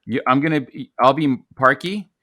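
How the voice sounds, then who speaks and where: A man's voice: medium pitch, moderate pace, pushed and bright, no room sound, studio quality. A man hosting a podcast in casual chat, joking and poking fun at himself. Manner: joking, self-deprecating. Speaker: podcast host.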